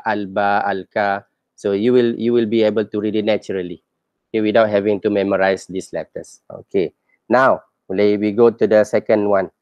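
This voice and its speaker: A man's voice: lowish voice, darkish tone, no room sound, muffled recording. A man teaching a reading lesson, patiently saying each example several times and quizzing his learners as he goes.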